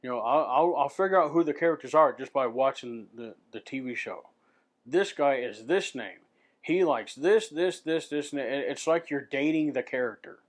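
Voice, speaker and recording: A man's voice: mid-range voice, moderate pace. A man ranting to his camera in an unscripted vlog, swearing freely and stumbling over repeated words as he restarts his sentences. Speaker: vlogger.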